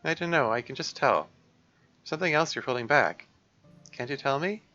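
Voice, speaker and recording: A man voicing a caring, persistent young woman who coaxes a friend and keeps gently insisting on helping. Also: medium pitch, lively intonation, moderate pace, highs cut off, soft background music, pitched above the performer's own voice. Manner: eager, coaxing, gently insistent.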